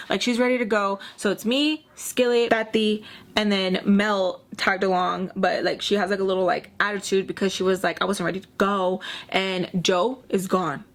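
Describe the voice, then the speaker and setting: A young woman vlogger telling a story in a casual, fast, profane way, full of fillers and acted-out quoted dialogue. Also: mid-range voice.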